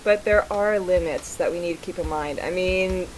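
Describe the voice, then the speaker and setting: Hesitant, measured woman podcast guest. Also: fairly low pitch, slight background noise, low-quality recording. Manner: measured, hesitant, weighs both sides. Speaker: podcast co-host. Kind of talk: casual chat.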